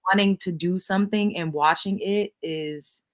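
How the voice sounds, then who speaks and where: Woman host, low relaxed late-night voice, loose candid chat. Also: moderate pace. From New York.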